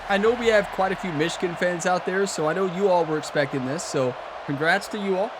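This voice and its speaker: A man's voice: high-pitched, fast talker, noisy background. A man giving casual gameplay commentary at a home gaming setup, trash-talking with playful energy. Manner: fired-up, playful trash talk with laughs. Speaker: gaming YouTuber.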